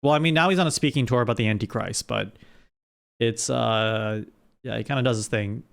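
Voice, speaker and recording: A man's voice: mid-range voice, a little fast, creaky, a bit bright. A man streaming live, chatting casually with his audience and often restarting his sentences. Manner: rambling, with frequent restarts.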